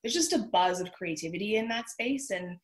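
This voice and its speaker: A woman's voice: mid-range voice, animated, a little fast, poor audio. A woman filmmaker chatting casually as a podcast guest, talking readily with lots of fillers and easy laughter. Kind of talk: casual interview chat.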